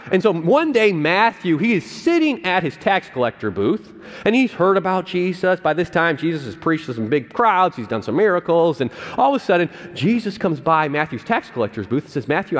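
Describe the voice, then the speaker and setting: A male pastor preaching a sermon in a conversational, animated way, often checking in with "right?" and "okay?". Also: fairly high pitch. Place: church sanctuary. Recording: long church reverb.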